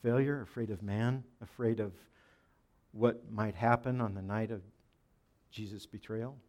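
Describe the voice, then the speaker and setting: A man preaching a Bible sermon, restarting phrases often and dropping softer when he quotes scripture. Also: fairly low pitch, steady tone, a little slow. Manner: preaching with frequent repeats and restarts, dropping soft for quoted lines. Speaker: pastor.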